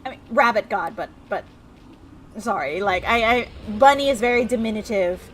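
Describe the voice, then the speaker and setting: A woman's voice: on the high side, lively intonation, moderate pace, fairly bright tone, a little hiss or hum. A woman streamer giving casual, rambling gameplay commentary full of fillers. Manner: chatty, rambling, with many fillers.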